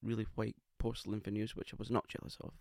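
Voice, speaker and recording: A man's voice: lowish voice, level tone, fast, vocal fry, darkish tone, dry recording, studio quality. A man co-hosting a casual podcast, camp and playfully teasing. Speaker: podcast co-host. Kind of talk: casual chat. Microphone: podcast microphone.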